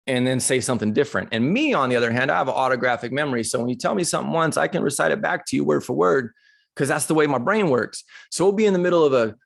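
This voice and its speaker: Middle-aged male motivational speaker, animated and conversational, emotional storytelling, mid-pitched voice. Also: vocal fry. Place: live retreat session.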